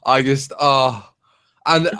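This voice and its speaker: A man's voice: mid-range voice, fairly even intonation, slow, pushed and bright, smooth, no echo. A man co-hosting a casual review chat, ranting in an exasperated, sarcastic way. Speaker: co-host.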